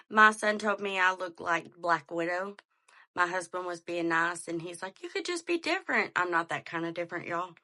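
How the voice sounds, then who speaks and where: Woman, thirties, podcast host, animated storytelling, crisp bright tone. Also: lowish voice. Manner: animated, chatty, addresses listeners as y'all. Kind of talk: casual storytelling monologue.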